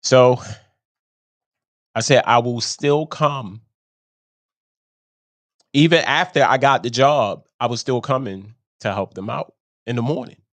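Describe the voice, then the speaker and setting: A man speaking in a slow, unhurried way, rambling casually and chuckling at his own lines. His voice sits at a middling pitch. It was recorded close and dry, with no room echo. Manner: slow, rambling, laughs at himself. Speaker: show host. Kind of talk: casual storytelling monologue.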